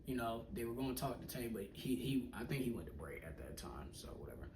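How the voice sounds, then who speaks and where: A young man casually telling a personal story in slangy talk, acting out what people said and often dropping to a hush. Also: medium pitch, fast talker, creaky. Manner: animated, slangy, acts out quoted people, often drops to a hush. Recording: echoey room, mic at a distance, faint noise.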